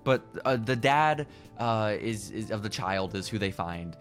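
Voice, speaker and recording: A man's voice: on the low side, expressive, measured pace, soft background music. A young man casually recapping a movie plot on a podcast, loose and profane. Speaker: podcast co-host. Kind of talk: casual chat.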